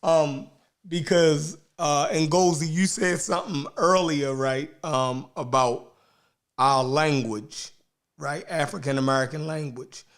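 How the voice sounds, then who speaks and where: A man hosting a casual discussion who speaks slowly, with many pauses, "um"s and "right"s. His voice sits a bit high for a man. He picks his words as he goes. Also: steady tone. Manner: slow, hesitant, lots of um and right.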